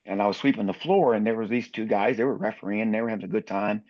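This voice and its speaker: A man's voice: on the low side, fast. Lo-fi storytelling older man. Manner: lively anecdotal storyteller, acts out other people's lines. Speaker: basketball referee guest. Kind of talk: storytelling in a podcast interview.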